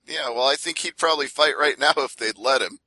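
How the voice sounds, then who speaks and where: A man hosting a casual podcast interview, chatty and quick with follow-up questions. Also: medium pitch, pushed and bright, no room sound, rough recording. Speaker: podcast host.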